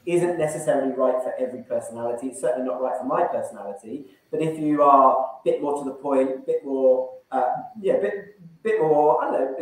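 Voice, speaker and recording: A man's voice: mid-range voice, recorded from a distance. A man running an online sales training session, coaching and acting out phone call openers. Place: room, online event. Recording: very echoey room.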